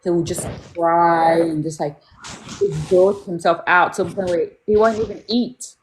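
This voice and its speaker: A woman's voice: on the low side, steady tone, a little slow, a little hiss or hum. A young woman chatting casually as a mother, telling stories candidly and acting out what people said. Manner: candid, storytelling, acts out quotes. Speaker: mother talking about parenting. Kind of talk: casual chat.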